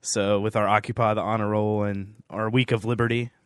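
A man's voice: lowish voice, flat delivery, fairly quick, smooth, no room sound, clean studio sound. A young man co-hosting a casual podcast, speaking in a matter-of-fact way. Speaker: podcast co-host, student activist.

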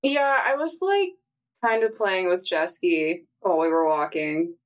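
A woman's voice: lowish voice, a little slow, pitched below the performer's own voice, natural voice. A woman playing a clumsy young female adventurer in a tabletop game, talking in a breezy, slangy, joking way.

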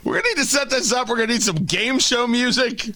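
A man from New Jersey hosting a talk radio show, with sarcastic, animated commentary. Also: very high-pitched, fast talker, no room sound.

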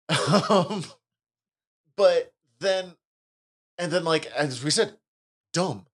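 A man co-hosting a casual podcast, animated and laughing often, with casual swearing. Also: a little high, very slow, long pauses. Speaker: podcast co-host.

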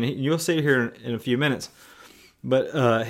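A man's voice: mid-range voice, fairly quick. A man preaching a conversational sermon, often repeating words and restarting as he explains.

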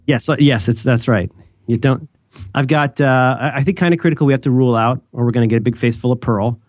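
Fast-talking rambling male podcast co-host. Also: mid-range voice, a little mellow, dry recording, studio quality. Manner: rambling, jokey, self-interrupting. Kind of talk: casual chat.

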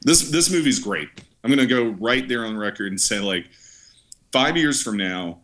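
Man, podcast co-host, emphatic, combative, profane, forceful tone. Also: medium pitch, animated, normal speed. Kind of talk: casual film review chat.

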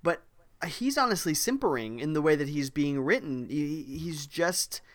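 A man co-hosting a podcast in casual chat, eager and quick to jump in. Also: on the high side, expressive, a bit bright. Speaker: podcast co-host.

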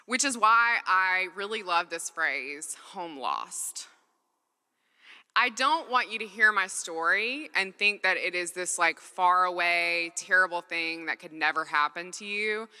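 Woman preacher, earnest and chatty storyteller, bright voice, pitch sitting a bit low. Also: smooth, big-room sound. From Mississippi, US. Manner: earnest, conversational, acts out dialogue. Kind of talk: sermon with personal storytelling.

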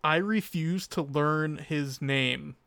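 A man co-hosting a casual podcast about a show, talking in a flat, sarcastic monotone. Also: on the high side, takes it slowly, creaky, no room sound, clean studio sound. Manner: deadpan, sarcastic. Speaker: podcast co-host. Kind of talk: casual chat recapping a show.

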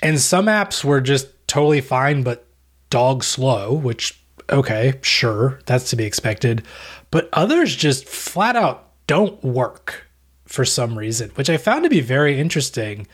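A man's voice: mid-range voice, unhurried, slightly rough. Dry, rambling man on a podcast. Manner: dry, rambling, deadpan jokes. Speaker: podcast co-host. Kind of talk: casual chat.

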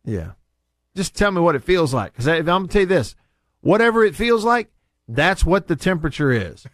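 Animated man hosting talk radio. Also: brisk, no room sound, clean studio sound. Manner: animated, rants with big pitch jumps. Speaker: radio show host. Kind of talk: casual talk radio banter. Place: radio studio.

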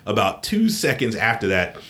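Low-voiced male podcast co-host, casual, rambling storyteller. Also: moderate pace, a crowd in the background. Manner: rambling, animated anecdote telling.

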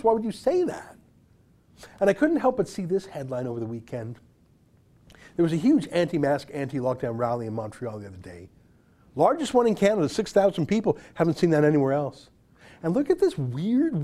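A man's voice: a little high, mellow. A man delivering an opinion monologue as a political commentator, sarcastic and incredulous, firing rhetorical questions.

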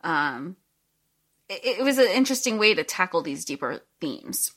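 Bright-toned woman musing casually. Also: fairly low pitch, big pitch swings. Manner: bright, quick to laugh, thinks aloud. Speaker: podcast co-host. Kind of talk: casual book discussion.

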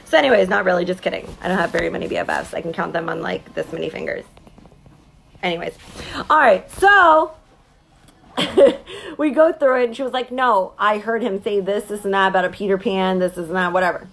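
A woman in her thirties, a mother and business owner, telling her viewers a story in an animated, emphatic way and often stopping to ask "okay?". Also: medium pitch, brisk, creaky.

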